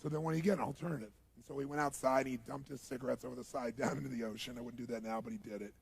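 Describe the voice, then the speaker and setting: A man giving a seminar talk, telling a story and acting out the scenes, sometimes bursting into shouts. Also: medium pitch, rapid-fire, creaky, slightly rough. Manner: animated, swings to shouting while acting out scenes. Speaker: motivational speaker.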